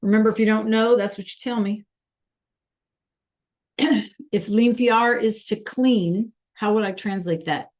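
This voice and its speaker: A woman's voice: mid-range voice, steady tone, measured pace, long pauses, a little mellow. A woman teaching a live online Spanish class, patiently coaxing students and repeating verb endings.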